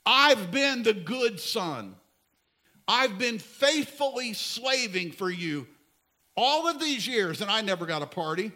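A man's voice: high-pitched, moderate pace, pauses often, fairly bright tone. A man voicing an indignant, resentful young older brother, complaining bitterly and emphatically.

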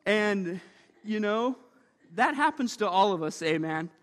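A man preaching a sermon in a church, lively and joking, often calling for amens. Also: high voice, unhurried, in a large hall.

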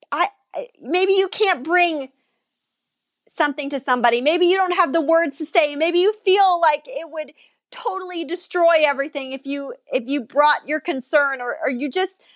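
A woman with a high voice preaches and prays with fervent, repeated declarations. Her voice is close and dry, with no room sound at all. She speaks words of release and blessing straight to the listener. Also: a bit bright, no echo. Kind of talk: prayer and prophetic preaching.

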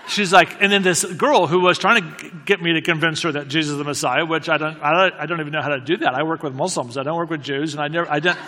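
A man telling a story in a halting, self-deprecating way, with many restarts. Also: fairly high pitch, fairly even intonation, bright, forceful tone, long reverb tail. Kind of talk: anecdotal storytelling talk.

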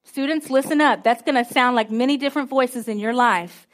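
A woman's voice: on the high side, brisk. A woman preacher giving a conversational, emphatic sermon to students, with call-and-response.

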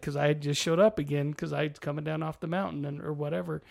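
A man's voice: fairly high pitch, brisk, vocal fry, hardly any pauses. A middle-aged man co-hosting a casual chat, telling stories and acting out what people said. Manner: animated storyteller, acts out quoted voices. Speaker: podcast co-host.

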